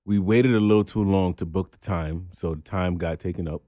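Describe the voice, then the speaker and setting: Warm and steady at normal speed, this man's low voice carries a casual podcast he co-hosts, where he vents bluntly and profanely and climbs in pitch when angry. The recording is studio quality with no room sound.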